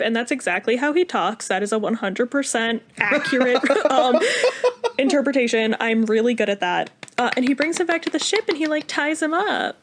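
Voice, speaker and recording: A woman co-hosting a casual podcast, retelling a cartoon episode with lively put-on voices and frequent laughs. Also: on the high side, normal speed, a little hiss or hum. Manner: animated retelling, acts out characters, laughs often. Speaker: podcast co-host.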